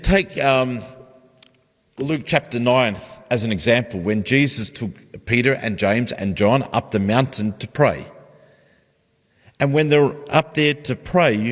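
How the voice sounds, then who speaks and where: Pastor preaching in a reverberant church. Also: male voice, medium pitch. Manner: conversational preaching, thinking aloud with restarts and questions to the congregation. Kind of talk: sermon.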